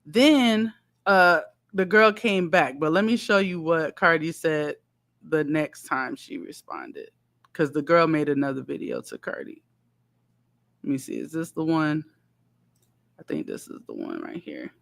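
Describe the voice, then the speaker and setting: A woman's voice: low-pitched, very animated, unhurried, creaky, a bit bright. A woman hosting a commentary channel, recapping events in a chatty way and laughing between points. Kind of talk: casual commentary.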